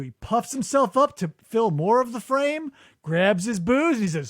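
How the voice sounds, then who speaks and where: A man with a high, lively voice tells stories on a podcast, jumping between his own voice and acted-out quotes and swearing freely. The sound is dry and close, with no room around it. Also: moderate pace, dry recording. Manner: animated storytelling, acts out quotes, swears freely. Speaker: podcast host. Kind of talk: casual chat. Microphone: studio microphone.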